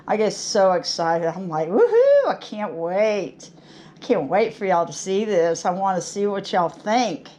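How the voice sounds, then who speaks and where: Middle-aged woman hosting a craft channel, slow, gushing, chatty, faint room hiss. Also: lowish voice. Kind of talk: casual chat to camera.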